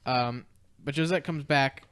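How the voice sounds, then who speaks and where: Smooth-voiced man recapping a film. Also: mid-range voice, unhurried, a bit bright. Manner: rambling, lots of "like" and "uh", acts out characters' lines. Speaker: podcast co-host. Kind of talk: casual film recap chat.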